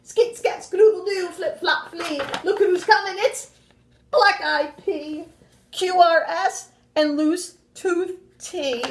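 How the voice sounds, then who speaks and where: Woman teacher, storybook read-aloud for kids, animated, gasps and sound effects, roomy echo. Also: very high voice, takes it slowly, a little hiss or hum. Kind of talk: reading a picture book aloud to young children.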